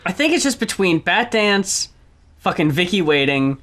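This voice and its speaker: Chill music podcast cohost, bright voice, lots of ups and downs, dry jokes. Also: mid-range voice, very animated, normal speed. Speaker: podcast co-host. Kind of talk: casual album review chat.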